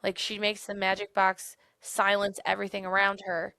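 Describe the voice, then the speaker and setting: Chatty young woman with a gravelly edge. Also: medium pitch, normal speed, no echo. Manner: chatty, animated retelling with many "like"s. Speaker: podcast co-host. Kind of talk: casual book discussion.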